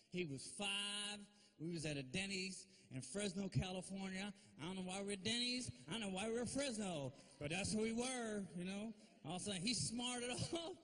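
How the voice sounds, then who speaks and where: A man's voice: high-pitched, a bit bright. A male stand-up comedian on stage telling family stories in a loose, conversational way, peppering lines with "you know?" and "man.". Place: stage at a live comedy show.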